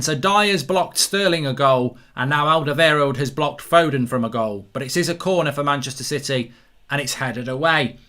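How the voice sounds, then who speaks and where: A man hosting a live football watchalong, reacting excitably to the play and reading out viewer comments. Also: a little high, normal speed. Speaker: host.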